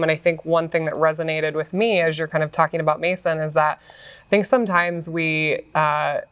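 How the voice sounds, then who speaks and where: A woman's voice: deep voice, level tone, brisk, smooth. A woman in her thirties hosting a podcast, chatting and explaining her views in a casual interview. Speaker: podcast host, physician.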